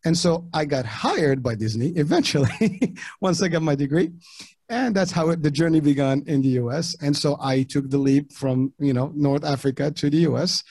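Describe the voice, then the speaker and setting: A middle-aged man from Morocco, whose first languages were French and Arabic, talking casually as an interview guest in halting sentences with many restarts. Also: fairly high pitch, animated, a little mellow, husky, dry recording. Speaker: podcast guest.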